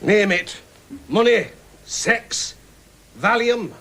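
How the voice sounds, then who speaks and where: Picture a blunt, bombastic Yorkshire tycoon in a TV sitcom. He talks high and lively, swinging his pitch as he boasts. His manner is plain-spoken and pompous. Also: drawn-out words, vocal fry, full character voice. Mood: blustering. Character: blunt boastful self-made millionaire knight. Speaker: hospital benefactor. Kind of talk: 1980s sitcom acting.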